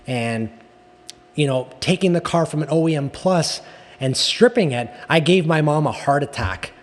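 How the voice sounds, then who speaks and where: A man with a slightly raised pitch chats casually as an interview guest, rambling through restarts and frequent tag questions. His voice rings out with a long, hall-like reverb. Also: lively intonation, normal speed. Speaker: guest, car enthusiast.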